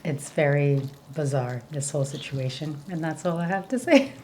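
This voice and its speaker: A woman's voice: deep voice, normal speed, darkish tone, a little hiss or hum. A woman co-hosting a casual reality TV recap, laughing often and making dry quips. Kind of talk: casual recap chat over a meal.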